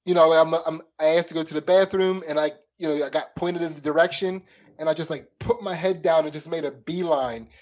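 A man's voice: a little high, steady tone, fairly quick, a little mellow. A man in casual chat, rambling through a story with many fillers.

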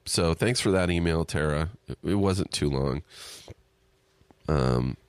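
A man's voice: very deep voice, slow pace, clear, resonant tone, dry recording. A man hosting a podcast, reading out a listener email and then chatting about it in a loose, rambling way with filler words and restarts. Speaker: podcast host.

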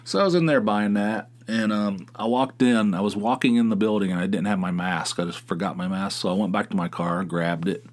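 A man's voice: lowish voice, fairly quick, hardly any pauses. A middle-aged man hosting a podcast, talking in a rambling, profane casual monologue with many restarts. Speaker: podcast host.

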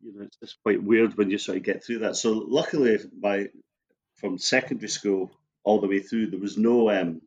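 A middle-aged Scottish man who grew up in Scotland, a guest in a casual interview, telling stories in a relaxed way and laughing easily. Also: fairly low pitch, moderate pace, breathy edge, lo-fi sound.

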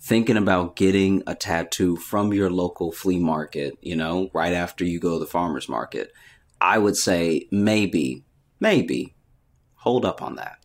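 A man's voice: sits low, measured pace. A man co-hosting a podcast, joking and chatting in a laid-back way. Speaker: podcast co-host. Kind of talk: casual podcast chat.

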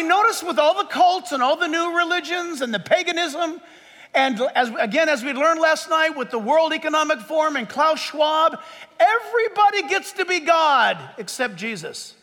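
A man preaching a sermon as pastor, lively and joking as he walks through numbered points. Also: extremely high pitch, long reverb tail, a little hiss or hum. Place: church sanctuary with a live audience.

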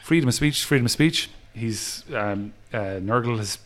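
An Irish man, a music festival promoter, chatting on a podcast and telling lively stories, acting out other people's lines and laughing often. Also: lowish voice, moderate pace. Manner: animated storyteller who acts out quotes and laughs often. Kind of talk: casual podcast interview, storytelling.

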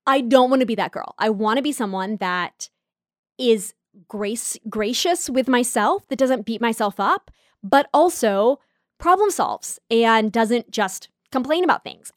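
A woman's voice: on the high side, no echo, studio quality. A woman hosting a casual solo podcast, talking in a candid, self-reflective way with frequent asides. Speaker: podcast host.

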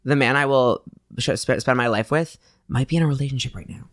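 A young man guesting on a podcast, chatting in a quick, animated, playfully dramatic way. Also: mid-range voice, dry recording, clean studio sound. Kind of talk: casual chat.

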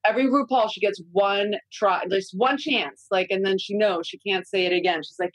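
A woman in her forties chatting candidly on a podcast, telling lively parenting stories and swearing freely. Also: mid-range voice, brisk, few pauses, no room sound, rough recording. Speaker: guest consultant. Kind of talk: casual podcast chat.

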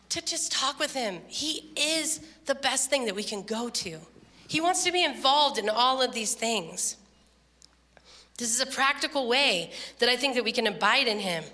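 A woman preaching a sermon, telling a story with lively, laughing quotes. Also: sits high, normal speed, big-room sound. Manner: animated storytelling, laughing, voice jumps up when quoting. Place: church.

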